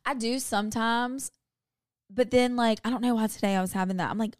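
A woman chats and jokes as a podcast co-host. Her voice is a little hoarse. The sound is dry and close, with no room echo. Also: a little high, a little fast. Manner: chatty, jokey, laughs often. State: slightly hoarse from a lost voice. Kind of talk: casual chat.

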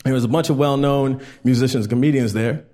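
A man performing a stand-up comedy set on stage, telling stories and mimicking people in animated voices. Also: medium pitch, a little fast.

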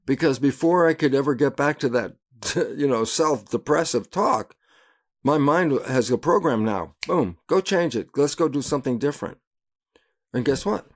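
An older man, a guest in an interview, telling lively anecdotes and acting out the voices in them. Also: medium pitch, normal speed. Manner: animated storyteller who acts out voices and laughs at his own anecdotes. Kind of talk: casual interview storytelling.

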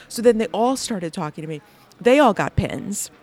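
Woman telling an animated story. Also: medium pitch, normal speed. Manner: laughs often, acts out quoted people. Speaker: podcast host recounting her day.

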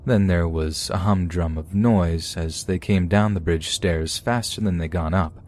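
Deep-voiced man narrating horror stories. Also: fairly even intonation, unhurried, a little mellow, a little hiss or hum. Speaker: podcast host reading listener stories. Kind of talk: scripted horror story narration.

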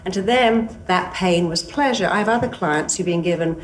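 A woman's voice: on the low side, moderate pace. Female therapist, earnest motivational speaker who acts out dialogue, recorded from a distance with faint noise. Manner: earnest, emphatic, repeats key phrases; acts out inner voices and dialogue. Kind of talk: motivational talk.

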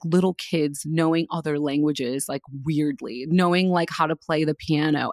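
A woman's voice: low voice, no echo, studio quality. A young woman co-hosting a podcast in casual chat, laughing often and swearing casually. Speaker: podcast co-host.

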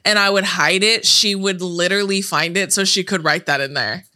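A woman's voice: fairly low pitch, fairly even intonation, normal speed, pushed and bright. A woman in her twenties co-hosting a podcast, telling rambling stories in casual chat, full of "like" and swearing freely. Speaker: podcast co-host.

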